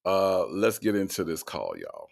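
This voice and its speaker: A man's voice: sits low, huge pitch swings, measured pace, gravelly, very noisy. A man hosting a live stream, reading out chat comments and teasing in a drawling, repetitive way. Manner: drawling, repeats himself, teasing. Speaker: host.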